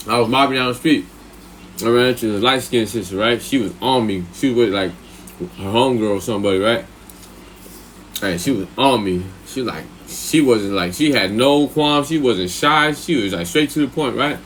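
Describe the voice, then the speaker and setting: A man rambling through a story on a live stream, thick with slang and swearing. He keeps checking in with the listener and his pitch shoots way up whenever he acts out his own thoughts. His voice sits mid-range, with a faint hum of noise behind it. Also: moderate pace, fairly bright tone. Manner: profane, slang-heavy, rambling with filler questions; jumps much higher in pitch when quoting himself.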